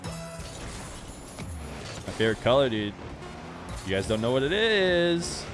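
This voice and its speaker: A young man streaming a game and chatting casually with his viewers in a relaxed, rambling way. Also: medium pitch, slow. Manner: relaxed, rambling, talks straight to chat. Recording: music playing clearly behind the voice.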